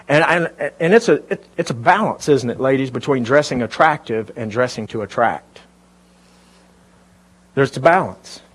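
In a church before a live congregation, a pastor talks to his listeners conversationally and questions them during his sermon. He has a husky, mid-range male voice.

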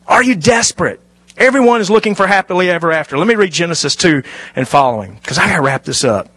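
Animated man preaching a sermon. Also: high voice, quick pace, breathy edge, no echo. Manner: animated preaching, dropping to hushed asides. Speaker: pastor.

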